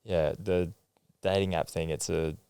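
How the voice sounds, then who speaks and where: A young man hosting a casual podcast chat, relaxed and full of fillers like "like" and "man". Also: low-pitched, a little slow, clean tone, no room sound. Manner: relaxed, filler-heavy, says "like" and "man" often. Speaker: podcast host.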